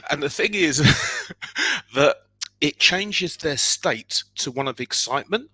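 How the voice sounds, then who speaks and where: A man tells stories with a lot of rise and fall in his voice, jumping into little acted scenes and sudden loud exclamations. His tone is bright and forceful. The sound is dry and close, with no room echo. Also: mid-range voice, breathy edge. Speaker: guest. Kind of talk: animated personal storytelling.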